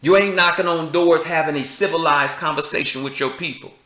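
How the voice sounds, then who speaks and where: A man's voice: a little high, brisk, bright, forceful tone, echoey room. A man, speaking preachy and confrontational, firing rhetorical questions and street slang. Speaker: commentator. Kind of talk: impassioned address to camera.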